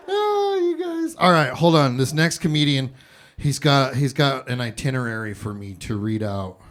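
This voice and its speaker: A man's voice: mid-range voice, sing-song, measured pace. A man hosting a live comedy show, with loose, joking banter on stage. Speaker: host.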